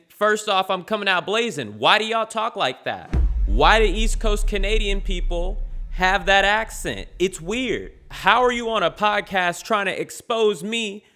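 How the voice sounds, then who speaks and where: A man's voice: high-pitched, bright, forceful tone. A man giving brash, trash-talking comedic commentary on his own channel. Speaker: YouTube commentator.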